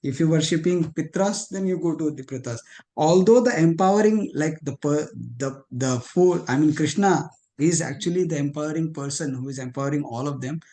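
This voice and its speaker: Male student sharing a point in class, halting and thoughtful, slightly higher voice. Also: dark tone. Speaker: class participant. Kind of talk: discussion in online class.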